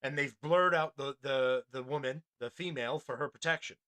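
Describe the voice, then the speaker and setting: A man's voice: medium pitch, moderate pace, a bit bright. Blunt, rambling male podcast host. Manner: rambling, blunt, profane, many restarts. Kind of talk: casual commentary on a news clip.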